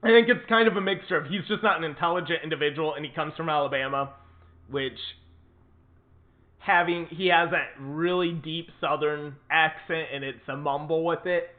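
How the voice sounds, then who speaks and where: A man's voice: a little high, moderate pace. A man hosting his own political commentary show, talking in an indignant, emphatic way and repeating words for stress. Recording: tinny phone-like sound.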